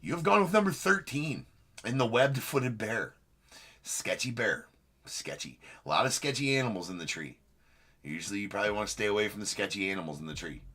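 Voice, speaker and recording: A man's voice: on the low side, lively intonation, a little fast, sharp tone. A man hosting a live card-breaking stream, joking and teasing a viewer as he gives casual commentary.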